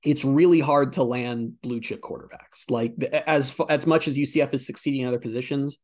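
A man's voice: mid-range voice, steady tone, brisk, darkish tone. A young man co-hosting a sports podcast, chatting casually with lots of fillers. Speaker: podcast co-host.

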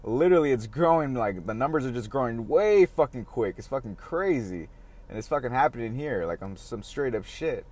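A man's voice: mid-range voice, expressive, brisk, a little mellow. Profane, rambling man ranting casually. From San Diego area. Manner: profane, rambling, laughs often. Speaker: podcast host. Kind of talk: casual solo podcast rant.

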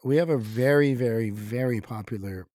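A man's voice: medium pitch, normal speed, dark tone, dry recording, clean studio sound. A Canadian man, a podcast guest and recording engineer, chatting casually and rambling with many restarts. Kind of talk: casual chat.

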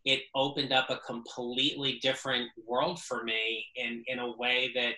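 Earnest, bright-voiced man in an echoey room. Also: mid-range voice, little pitch movement, normal speed. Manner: earnest, reflective, repeats words while thinking. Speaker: interview guest. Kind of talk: casual interview.

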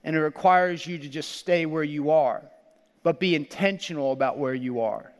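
A man preaching a sermon as pastor, animated, laughing often and acting out quoted lines. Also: a little high, moderate pace, big-room sound.

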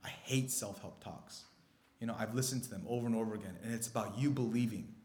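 A man preaching a sermon as pastor, moving between hushed, intimate stretches and loud, excited bursts. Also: on the low side, fast, roomy sound, a little hiss or hum.

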